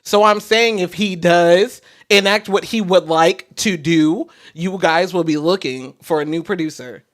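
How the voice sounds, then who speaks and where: High-pitched man, sarcastic pushback. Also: measured pace, a bit bright. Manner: sarcastic, pushing back. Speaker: podcast producer. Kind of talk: heated casual podcast argument.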